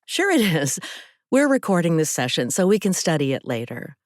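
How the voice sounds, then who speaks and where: A woman voicing a prying female questioner in an audiobook, pressing with brisk questions. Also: on the low side, sing-song, dry recording, studio quality. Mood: probing. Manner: probing questions.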